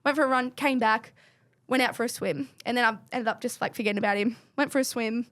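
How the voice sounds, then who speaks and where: A woman co-hosts a casual podcast chat, animated and talkative. She speaks rapidly in a slightly high voice. The sound is close and dry, with no room around it. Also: dry recording. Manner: animated, chatty storyteller. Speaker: podcast co-host.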